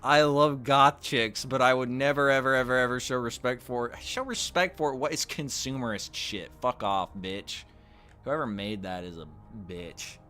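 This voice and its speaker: This gaming channel host has a mid-range voice, pushed and bright, at normal speed, with faint music behind him. He offers casual, crude and sardonic commentary on the game he's playing at his desk mic.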